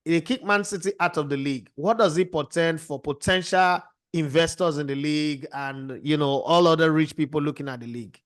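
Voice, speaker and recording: A man's voice: on the high side, brisk, few pauses, fairly bright tone. Combative man hosting a football debate. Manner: combative, rhetorical questions. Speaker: host. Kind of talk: heated sports debate.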